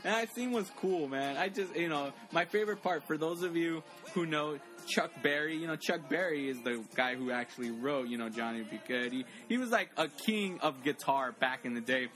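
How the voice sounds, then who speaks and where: A man chatting casually and excitedly about a favorite movie, full of fillers and quick impressions of lines. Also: fairly high pitch, soft background music.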